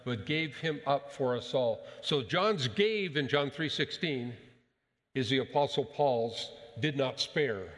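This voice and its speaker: A male pastor giving a sermon, speaking in an emphatic, measured way and putting rhetorical questions to the congregation. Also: mid-range voice, fairly bright tone, long reverb tail.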